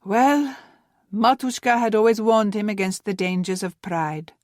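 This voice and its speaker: A woman narrating a historical novel as an audiobook, in a measured storytelling manner that gently voices the dialogue. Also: mid-range voice, no room sound, clean studio sound. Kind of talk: scripted narration.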